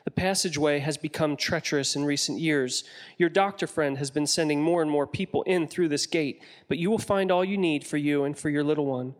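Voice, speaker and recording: A man's voice: on the high side, a little fast, close to an everyday voice. A man voicing a grave, mysterious woman who guards a hidden gate, speaking with a foreign accent in a storybook reading. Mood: urgent. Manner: grave, commanding, regretful.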